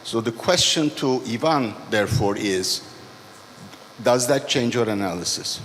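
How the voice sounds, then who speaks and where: A man in the audience who asks a panel a question in a deliberate way, pausing as he speaks, in a conference hall. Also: mid-range voice, lively intonation, fairly bright tone. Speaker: audience member asking a question. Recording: echoey hall with faint background noise.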